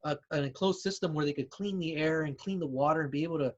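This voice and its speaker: Slightly high, muffled podcast man. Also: fast. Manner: hesitant, many fillers and restarts, explains with examples. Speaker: podcast co-host. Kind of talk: casual chat.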